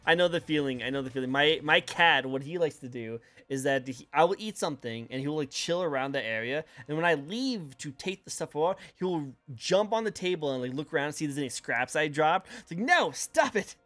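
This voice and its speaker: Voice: medium pitch, animated, fairly quick, few pauses, a bit bright. Playful, laughing interview host. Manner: playful, laughs often, repeats phrases, comforting. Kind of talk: casual interview chat.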